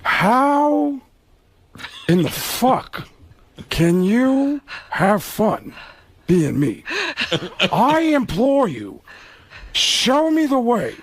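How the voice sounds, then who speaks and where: A man voicing a weary, menacing older male movie star who talks gruffly and bursts out sarcastically. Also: very high-pitched, sing-song, very slow, long pauses, a little hiss or hum, pitched above the performer's own voice, full character voice. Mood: sardonic menace. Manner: gruff, sardonic, explosive outbursts.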